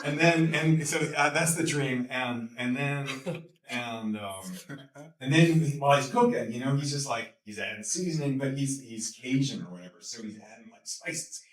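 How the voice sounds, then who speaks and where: A man as a guest speaker at a talk, telling a story with lots of energy, laughing and repeating words as he gets excited. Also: mid-range voice, normal speed, a little hiss or hum. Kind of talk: animated storytelling in a Q&A. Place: lecture hall. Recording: echoey hall, mic from a distance.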